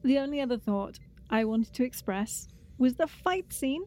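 A woman's voice: high-pitched, animated, moderate pace, dark tone. A woman chatting casually about a TV episode, dry and teasing. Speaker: podcast co-host. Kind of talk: casual chat.

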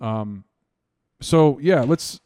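A man hosting a podcast, telling stories in a rambling, excitable and profane way. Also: medium pitch, very slow, no echo. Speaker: podcast host. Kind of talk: casual chat.

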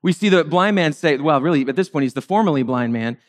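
A man delivers a sermon in a casual, wry tone, with a voice pitched high for a man. He slips into playful voices to act out the people in the story. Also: lively intonation, fast. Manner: conversational, wry, acts out the characters in playful higher voices. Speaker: pastor.

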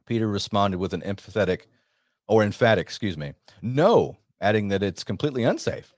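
Male radio host, very low voice, dry close sound, emphatic and rambling. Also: a little fast, no echo. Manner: emphatic, rambling, with frequent restarts. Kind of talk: monologue commentary.

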